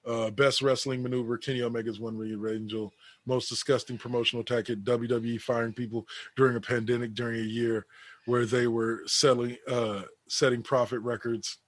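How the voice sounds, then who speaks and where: A man's voice: mid-range voice, flat delivery, fairly quick, no echo. A man co-hosting a casual wrestling podcast, reading an awards list aloud with sarcastic asides. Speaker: podcast co-host.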